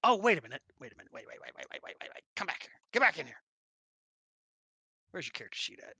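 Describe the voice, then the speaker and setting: Man, game master, jokey and distracted, bright dry voice, lively pitch, close mic. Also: quick pace, slightly rough, no echo. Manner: muttering to himself, jokey and distracted. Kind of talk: casual chat while running a tabletop game online.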